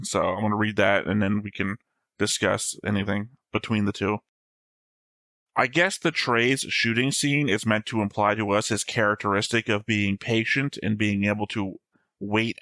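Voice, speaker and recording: A man's voice: on the low side, bright, forceful tone, no echo. A man co-hosting an anime reaction show, chatting casually and reading his notes in a dry, contrarian way.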